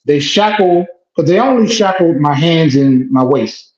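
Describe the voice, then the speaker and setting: A man who is a guest telling an emotional first-person story, animated and blunt, repeating phrases and swearing. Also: a little high, unhurried. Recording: echoey dull lo-fi room.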